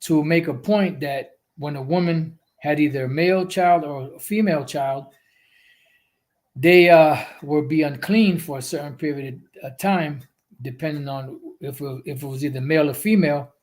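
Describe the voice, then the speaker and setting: A man with a somewhat high voice preaches scripture on a livestream. He rambles and circles back, leaning on "you know" fillers and the odd profane aside. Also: normal speed, darkish tone. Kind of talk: livestream religious teaching.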